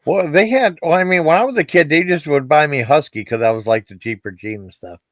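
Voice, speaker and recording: A man's voice: on the high side, a little fast, no room sound. A man in a casual chat, joking around and trailing off with lots of yeahs and restarts. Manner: jokey, lots of fillers, repeats words.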